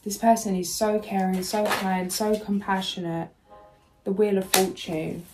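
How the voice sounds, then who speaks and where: A woman's voice: medium pitch, level tone, measured pace, rough recording. A woman giving a soothing spiritual tarot reading to her viewers, speaking emotionally and sometimes searching for words. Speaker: tarot reader. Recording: soft music underneath.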